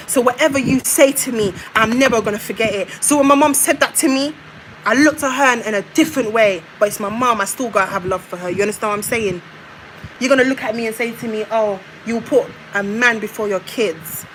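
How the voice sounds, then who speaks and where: Woman ranting at her mum on camera, high voice, bit of background hiss. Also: fairly bright tone, rough recording. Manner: confrontational, repetitive, addresses her mother directly. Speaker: vlogger. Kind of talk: emotional rant to viewers.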